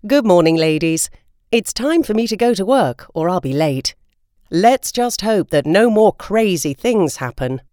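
A woman voicing a grumpy, easily annoyed father in a storybook reading, with a gruff, fed-up delivery. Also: medium pitch, expressive, measured pace, warm tone, dry recording, clean studio sound, natural voice. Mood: weary.

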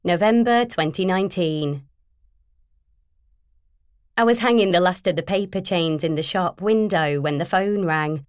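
A woman narrating a first-person novel in a measured, even storytelling manner. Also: on the low side, clean tone, dry recording, studio quality. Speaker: audiobook narrator.

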